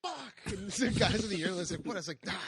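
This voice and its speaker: A man's voice: sits high, rapid-fire, heavy background noise. A man co-hosting a podcast, swearing freely while telling crude stories in casual banter. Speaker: podcast co-host.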